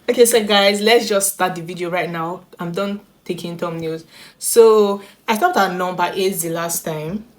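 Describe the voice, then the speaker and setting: A woman's voice: on the low side, normal speed. A woman hosting a reaction vlog, chatty and bubbly, laughing often as she reads stories aloud. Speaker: YouTuber.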